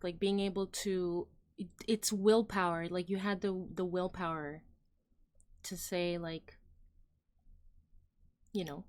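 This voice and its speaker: A woman hosting a casual opinion livestream. She rambles with lots of "like" and "um," talks straight to her viewers, and lets her thoughts trail off. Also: medium pitch. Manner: rambling, heavy use of "like" and "um", trailing off; chatty, addresses viewers directly. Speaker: livestream host.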